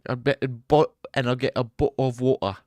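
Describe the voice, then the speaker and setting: A man's voice: mid-range voice, fairly even intonation, fairly quick, dark tone, dry recording, close to an everyday voice. A man doing a rowdy mock British lad. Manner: rowdy, barking orders with "oi". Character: cheeky British lad ordering takeaway food.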